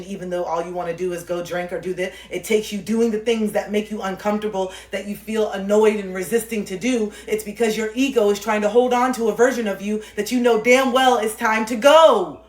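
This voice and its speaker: A woman's voice: medium pitch, fairly even intonation, fairly quick, few pauses. A woman livestreamer giving impassioned spiritual life advice, preachy and intense, swearing freely and repeating phrases for emphasis. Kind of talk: impassioned motivational monologue. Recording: echoey room with faint music.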